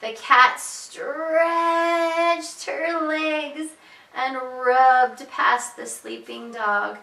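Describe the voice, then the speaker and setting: Bright, slow-reading preschool teacher. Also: female voice, steady tone, gravelly. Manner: slow, sing-song storytelling with lots of pitch leaps. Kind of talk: reading picture books aloud to young children. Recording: echoey room, voice heard from a distance.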